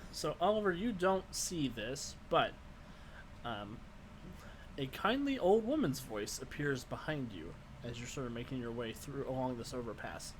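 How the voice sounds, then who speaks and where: A man's voice: medium pitch, animated, normal speed, slight background noise. A man narrating a tabletop role-playing game as game master in a loose, descriptive way.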